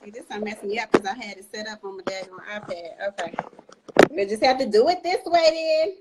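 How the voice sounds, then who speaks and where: A woman's voice: medium pitch, fairly quick, heavy background noise. A woman with a North Florida Southern accent hosting a playful, laughing casual chat on an online call, heavy on Southern slang. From Jacksonville, Florida (Duval County). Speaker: host.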